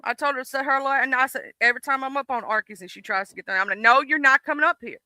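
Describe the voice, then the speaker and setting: A man with a Southern US accent hosting a casual stream chat, animated and swearing freely. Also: extremely high pitch, very fast, clean tone, no room sound. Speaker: stream host.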